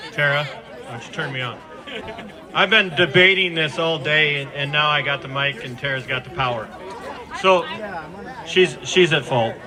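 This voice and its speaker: A man giving an impassioned protest speech outdoors into a handheld microphone, fervent and at times shouting. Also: a little high. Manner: fervent, addresses the governor directly, rises to shouts. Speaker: protest speaker.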